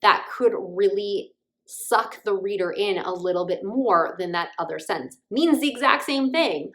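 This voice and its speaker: A woman's voice: medium pitch, unhurried, fairly bright tone. A woman teaching writing craft in a friendly explanatory talk, sometimes acting out short example lines.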